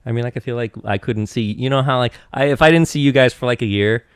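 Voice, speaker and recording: A man in his thirties from Eastern Washington, a podcast guest chatting casually in a rambling, animated way with lots of restarts. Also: medium pitch, quick pace, smooth, dry recording, studio quality. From Eastern Washington, USA. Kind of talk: casual chat.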